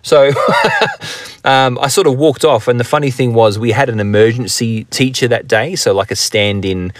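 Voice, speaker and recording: A man's voice: mid-range voice, moderate pace, dry recording, studio quality. A man hosting a podcast on his own from inside his car, telling a story in a rambling, crude, jokey way and laughing often. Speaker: podcast host. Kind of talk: casual solo storytelling.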